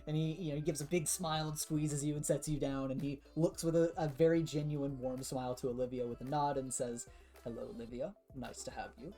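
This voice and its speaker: A woman narrating as game master of a tabletop game in a relaxed, chatty way. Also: deep voice, a little fast, hardly any pauses, soft background music. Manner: relaxed, chatty, laughs often.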